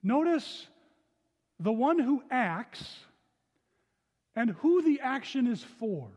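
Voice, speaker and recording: A man with a high voice preaching to his congregation. He reads scripture low and soft, then speaks earnestly in his own voice. The sound carries a long hall reverb. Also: sing-song, slow. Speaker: pastor. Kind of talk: sermon with scripture reading. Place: church sanctuary.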